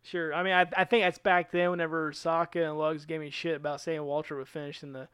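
A man's voice: on the high side, fast, clean tone, dry recording, clean studio sound. A man co-hosting a podcast, chatting casually about racing and laughing often. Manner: laughs often, joking and animated. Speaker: podcast co-host. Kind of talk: casual chat.

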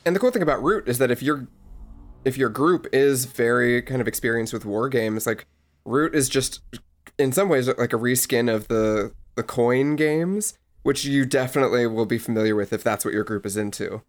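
A man co-hosting a casual board game podcast, giving tips in a relaxed, hesitant way with many fillers. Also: mid-range voice, moderate pace. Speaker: podcast co-host.

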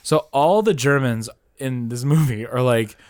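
A man hosting a podcast, rambling through a story full of "like"s and the odd curse, mid-pitched and lively. His voice is dry and close to the mic, with no room around it. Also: unhurried, dry recording. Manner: rambling, animated storytelling with swearing and fillers. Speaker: podcast host. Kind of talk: casual chat.

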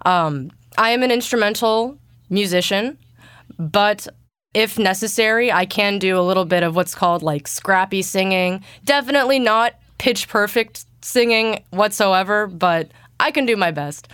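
Smooth-voiced young woman with allergies. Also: moderate pace, fairly bright tone, dry recording, studio quality. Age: young adult. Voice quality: naturally deep for her. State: congested from allergies. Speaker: guest voice actor. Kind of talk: casual interview answers.

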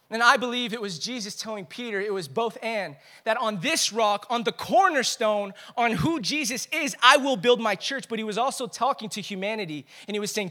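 A young man delivers a sermon as pastor, his voice high and bright. He alternates between loud, rising exhortation and quiet, hushed storytelling. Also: brisk, few pauses.

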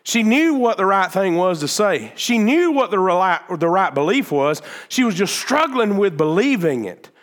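A male pastor delivers a lively sermon in a voice pitched a little above the usual. He acts out the words of Bible figures in quoted speech. He swings between loud, emphatic peaks and quieter stretches of low explaining. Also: moderate pace, few pauses.

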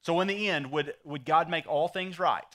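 Bright-voiced preacher. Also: male voice, fairly high pitch, moderate pace. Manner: folksy storytelling, emphatic. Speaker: pastor. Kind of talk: sermon.

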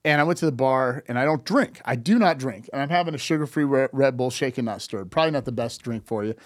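A man's voice: medium pitch, animated, fast talker, no room sound, clean studio sound. A man in his fifties talking casually on a podcast, telling stories animatedly, acting out quoted dialogue and often restarting his sentences. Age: 50s. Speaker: podcast guest.

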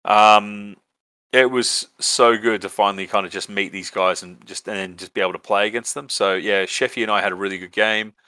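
A man's voice: on the low side, fairly even intonation, fairly quick, pushed and bright, smooth, no echo. An Australian man hosting a podcast, telling a rambling story casually, with lots of fillers and swearing. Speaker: podcast host.

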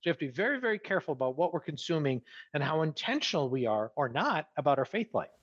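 A man from New York, earnest and emphatic, talking like he is half preaching. His voice is a bit husky and sits fairly high, and it swings up and down a lot. The sound is dull and lo-fi. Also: sing-song, fast talker. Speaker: guest. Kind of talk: casual podcast conversation.

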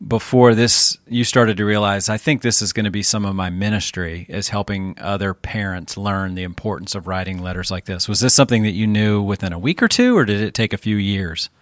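Encouraging low-voiced male podcast host. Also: fairly quick, hardly any pauses, dry recording, clean studio sound. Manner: encouraging, affirming. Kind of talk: casual interview conversation.

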